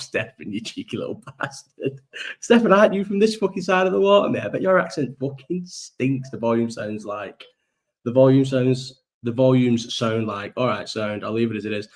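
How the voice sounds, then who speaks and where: A man hosting a rambling, sweary live chat, bantering with viewers over a laptop's built-in mic. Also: mid-range voice. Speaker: livestream host. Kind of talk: casual live chat reading viewer comments. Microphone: laptop built-in microphone.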